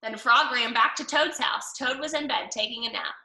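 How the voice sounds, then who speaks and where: Woman reading a children's book, gentle and steady, roomy, heard from a distance. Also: on the high side, moderate pace. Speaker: storybook reader.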